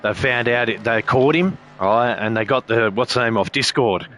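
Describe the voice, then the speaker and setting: A man's voice: medium pitch, normal speed, fairly bright tone, a little hiss or hum. A man chatting casually as a sim racing streamer, rambling with heavy swearing and frequent filler phrases. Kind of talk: casual chat.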